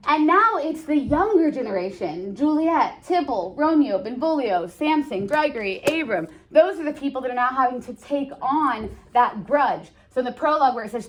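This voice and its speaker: A woman teaching a high school English lesson in a classroom. She explains the play in a chatty way, full of jokes and slang asides to her students. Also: lively intonation, normal speed, few pauses.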